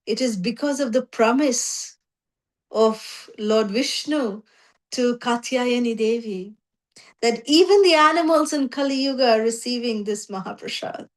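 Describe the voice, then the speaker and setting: A joyful, kindly holy man explaining with warmth, spoken by a woman in her own high voice. Plain and unhurried, close to her narration. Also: lightly acted. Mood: blissful. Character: joyful, kindly male saint.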